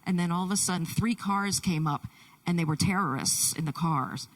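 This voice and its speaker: Soft-toned woman interpreting a testimony from afar. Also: on the low side, recorded from a distance, poor audio. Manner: halting, with many restarts. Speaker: sign language interpreter. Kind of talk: voicing a Deaf man's testimony in first person. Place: church.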